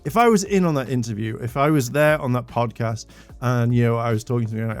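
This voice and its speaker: A man's voice: medium pitch, animated, fast talker, soft background music. A man giving an exasperated, indignant commentary rant to his channel's viewers, swearing when worked up. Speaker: commentary YouTuber. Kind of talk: ranting commentary.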